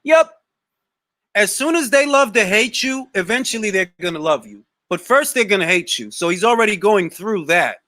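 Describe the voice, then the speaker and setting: Young male talk-show host, bright tense voice, dry close sound, loose slangy delivery with restarts. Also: high-pitched, normal speed, no echo. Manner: animated, slangy, repeats words when starting a thought. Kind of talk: casual live Q&A chat.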